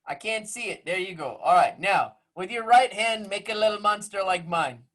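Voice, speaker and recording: A man's voice: high voice, moderate pace, a bit bright. A man teaching music to a class of children over a video call from home. He jokes and teases as he gives step-by-step instructions. His voice comes through a laptop microphone. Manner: playful, teasing, joking with young students.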